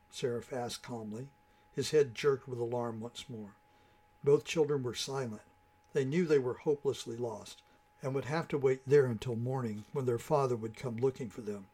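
A man narrating a storybook tale in a measured, dramatic way. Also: mid-range voice, dark tone, slightly rough.

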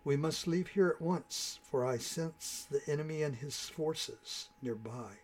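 A man reading a storybook and voicing a cunning male false angel who speaks softly and slowly in a coaxing tone. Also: fairly high pitch.

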